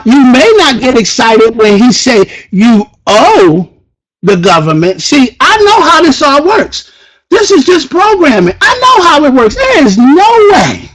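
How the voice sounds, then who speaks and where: A man giving a fiery motivational speech to an audience, preacher-like, firing repeated rhetorical questions and breaking into shouts. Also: very high-pitched, poor audio. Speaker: motivational speaker at a sales event.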